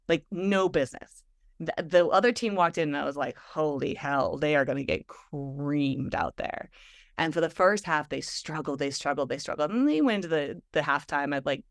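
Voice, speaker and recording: A woman guest telling a story in conversation, animated and full of filler words. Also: fairly low pitch, no echo, clean studio sound. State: emotional, near tears. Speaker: guest, stress physiologist and speaker.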